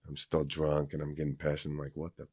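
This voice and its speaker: Super deep voiced guy rambling through a story, dry close mic. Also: completely flat delivery, quick pace, a little mellow, husky, dry recording. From Kansas, US. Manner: rambling, with many fillers and restarts. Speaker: podcast guest. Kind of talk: casual storytelling.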